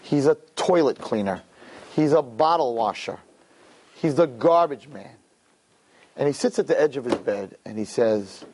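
Animated man telling a parable. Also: medium pitch, measured pace, long pauses, a little hiss or hum. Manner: animated, conversational, asks "right?". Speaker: storyteller. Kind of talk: animated storytelling talk.

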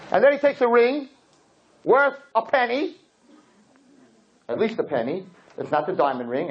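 A man teaching a class as a rabbi, telling stories in an animated, joking way and acting out the scenes. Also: fairly high pitch. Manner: animated, jokey, acts out scenes. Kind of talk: lively storytelling lesson. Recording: dull lo-fi with faint noise.

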